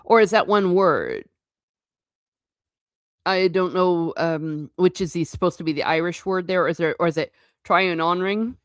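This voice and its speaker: A woman hosts a relaxed livestream and talks in a rambling, chatty way, often breaking into laughter and correcting herself. Her voice sits low for a woman. The sound is close and dry, with no room echo at all. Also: moderate pace. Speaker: livestream host; former teacher. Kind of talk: casual livestream chat reading comments.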